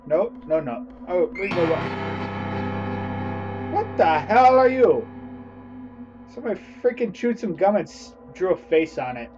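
A man's voice: high voice, sing-song, a little slow, long pauses, lo-fi sound, music in the background. A man commenting on a horror game as he plays, jumpy, yelping and swearing often. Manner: jumpy, loud yelps and frequent swearing. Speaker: gamer playing a horror game. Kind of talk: let's play commentary.

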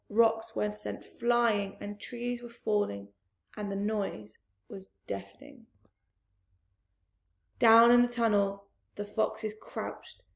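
Slow, expressive woman reading a storybook. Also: medium pitch, creaky. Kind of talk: storybook read-aloud. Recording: roomy echoey room.

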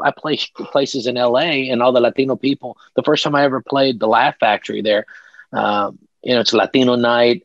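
A comedian from Texas with a Texan accent, telling jokey anecdotes in a casual interview over a video call. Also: male voice, fairly low pitch, vocal fry, no room sound, muffled recording. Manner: joking, animated anecdotes with laughs. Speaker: comedian guest.

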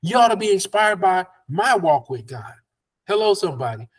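A man's voice: high voice, very animated, normal speed, breathy edge. A man, a pastor teaching a Bible study over a video call in a folksy, preacherly way. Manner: preacherly, folksy, laughs between points.

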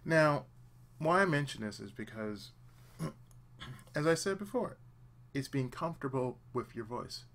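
A man's voice: mid-range voice, expressive, a little slow, pauses often, fairly bright tone. A man hosting a let's play channel, giving earnest, emphatic advice in casual talk and often repeating himself for emphasis. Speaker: let's play host, aspiring voice actor.

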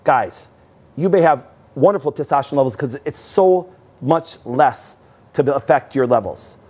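A man's voice: medium pitch, expressive, moderate pace, darkish tone, breathy edge. A middle-aged man hosting a health talk, preaching emphatically and firing rhetorical questions at his audience. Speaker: host.

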